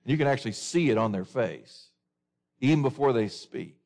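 A man's voice: mid-range voice, expressive, moderate pace, gravelly, a little mellow. A man preaching a sermon in an earnest way, often asking his listeners questions.

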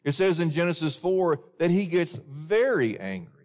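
A man delivering a sermon, his voice sitting a little higher than most men's. He speaks earnestly and keeps putting questions to his listeners. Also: very animated, moderate pace, darkish tone. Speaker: preacher.

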